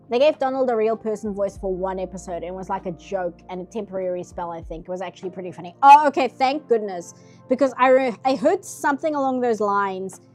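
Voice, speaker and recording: A woman with a South African accent and a medium-pitched, darkish voice chats casually and eagerly while drawing on a live art stream from her home office, laughing often.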